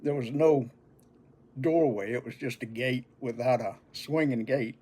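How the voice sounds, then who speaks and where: An older man spinning a folksy childhood tale, his voice husky and breathy at middle pitch. He tells it in an easy, unhurried, homespun manner. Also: mellow. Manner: folksy, unhurried, chuckling between lines. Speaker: storyteller. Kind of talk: casual oral storytelling.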